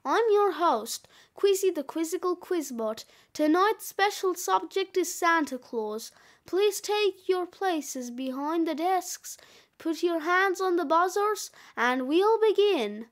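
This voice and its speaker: A woman's voice: extremely high pitch, expressive, slow, full character voice. A woman reading the part of a quiz-show host robot in a formal announcer manner. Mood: announcing.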